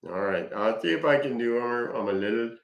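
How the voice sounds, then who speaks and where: This middle-aged scambaiting streamer sounds congested as he chats folksily and casually with his live audience. His medium-pitched voice is animated and brisk, the highs are cut off, and there's a roomy echo in the recording.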